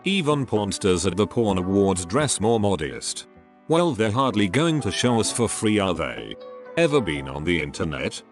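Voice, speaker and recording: Lively low-voiced man reading comments. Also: normal speed. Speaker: narrator. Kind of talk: reading online comments aloud. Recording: background music under the voice. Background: music.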